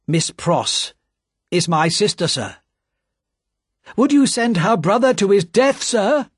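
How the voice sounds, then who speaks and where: A man's voice: high voice, very animated, measured pace, slightly rough, no echo, clean studio sound, pitched above the performer's own voice, exaggerated voice. A man reading aloud, voicing a frightened male spy who pleads in a raised, strained voice. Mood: pleading.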